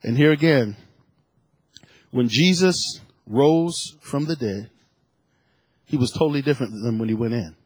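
A man's voice: medium pitch, measured pace, pauses often, husky, no echo. Fervent preacher man, dry sound. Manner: builds from calm teaching to shouted, emotional fervor; reads scripture aloud between comments. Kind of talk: sermon.

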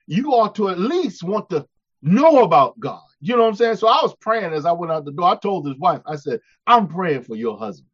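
A man's voice: high voice, sing-song, fairly quick, breathy edge. A man preaching a sermon, emphatic, telling a personal story and calling out to his congregation. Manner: emphatic, calls out "hello" to the congregation. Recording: dull lo-fi sound.

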